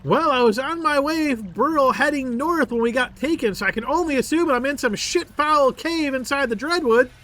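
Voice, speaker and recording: A boastful captive elf bard rattles on in a very high, piercing voice. He stammers and chatters with theatrical flair. The tone is bright and sharp throughout. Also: normal speed, few pauses, slight background noise. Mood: indignant. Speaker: game master. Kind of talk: tabletop role-play voice acting.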